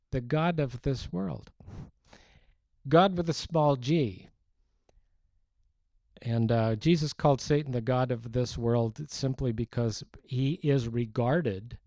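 A man's voice: medium pitch, dark tone, dry recording. A man preaching a sermon in a conversational, storytelling way, walking through a Bible passage. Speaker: pastor. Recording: dull lo-fi sound.

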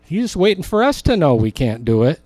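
A man preaching a sermon as a pastor, rising for emphasis and slowing down on key words. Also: on the high side, big pitch swings, darkish tone, no room sound.

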